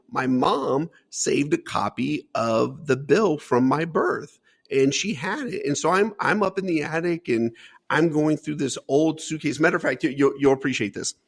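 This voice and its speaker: A man's voice: on the high side, creaky, slightly rough. A man in his forties from Dayton, Ohio, a guest on an interview show, telling a story with energy, acting out what others said and laughing often. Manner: lively storyteller, acts out quotes, laughs often. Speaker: guest, company CEO.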